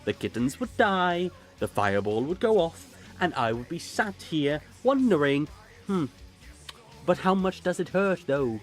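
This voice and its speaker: A man's voice: fairly high pitch, big pitch swings, unhurried, faint music behind, pitched above the performer's own voice. A man voicing an unhinged male fire sorcerer who leads a cult, with a Welsh accent and gleeful, manic musing. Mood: gleefully unhinged.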